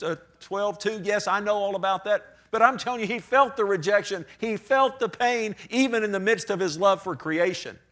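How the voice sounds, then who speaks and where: A male pastor preaching a sermon with animated delivery, swinging from loud emphasis to a near-whisper and acting out short voices of people in his stories. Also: high-pitched.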